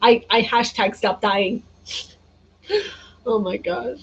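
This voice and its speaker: A woman's voice: on the high side, slow, lo-fi sound, slight background noise. A tired woman chatting casually on a gaming livestream, reading and answering viewer comments and laughing often. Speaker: gaming streamer.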